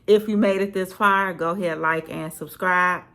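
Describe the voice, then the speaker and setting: A young woman vlogging from home on a slow morning, chatting casually with relaxed, slangy asides. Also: on the low side. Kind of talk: casual chat.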